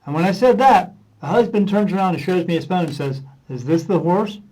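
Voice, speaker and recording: A man who works as a medium, appearing as a podcast guest, tells rambling anecdotes casually in a brisk, warm voice that sits high. He acts out conversations with plenty of "uh" fillers, and the audio is poor.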